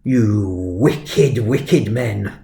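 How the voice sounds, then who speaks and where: A stern school head teacher jumps to a sharp, high, indignant squeal of shock and wags a finger at misbehaving trainees, as a man puts him on mid-story. The scolding rings in a roomy, echoey space. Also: huge pitch swings, takes it slowly, full character voice. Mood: outraged.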